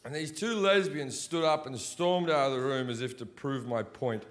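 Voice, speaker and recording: A man's voice: medium pitch, normal speed. A man doing a stand-up comedy set on stage, brash and crude, mocking his targets with punchlines. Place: large theater with audience. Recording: roomy live hall, audience noise.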